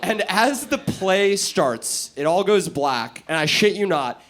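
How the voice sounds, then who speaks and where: Brash high-voiced male stand-up comic. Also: expressive, slow pace, fairly bright tone. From New York City. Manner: brash, profane, teasing the audience. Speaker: stand-up comedian. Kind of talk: stand-up crowd work. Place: comedy club stage. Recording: noisy live club recording.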